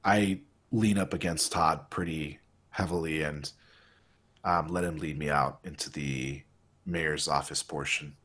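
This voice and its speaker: A man's voice: rumbling low, steady tone, measured pace, fairly bright tone. A man playing a tabletop game, talking in a laid-back way. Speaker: player. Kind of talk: casual tabletop game play.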